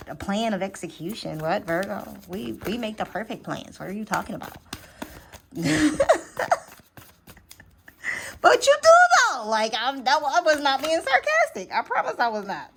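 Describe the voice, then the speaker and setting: A woman gives a casual, unedited tarot reading to camera, chatting straight to her viewers and often asking "okay?" Her pitch and loudness swing widely as she talks, with slight background noise.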